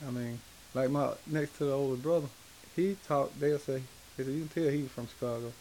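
A man from Atlanta with a Southern accent, telling stories in an interview in a halting, rambling way full of fillers. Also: mid-range voice, mellow, slight background noise, poor audio. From Atlanta, Georgia. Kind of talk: casual storytelling in an interview.

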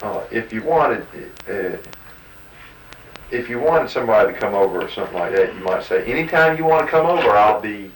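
Male interviewer, low voice, halting and prompting, recorded from off-mic in a roomy space. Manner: halting, many fillers and restarts while coaxing answers. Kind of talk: fieldwork interview questions. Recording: roomy, distant mic with faint noise.

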